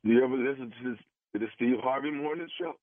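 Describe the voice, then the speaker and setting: A man's voice: medium pitch, quick pace, no echo. A man making a prank phone call on a radio show, persistent and pleading, repeating himself. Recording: tinny phone line, dry.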